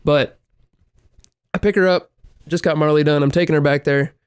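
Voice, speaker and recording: A man co-hosting a podcast, telling stories in a casual, profane and animated way, with loud exclaimed quotes. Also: on the high side, moderate pace, clear, resonant tone, dry recording, clean studio sound. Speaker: podcast co-host. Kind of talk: casual chat, storytelling.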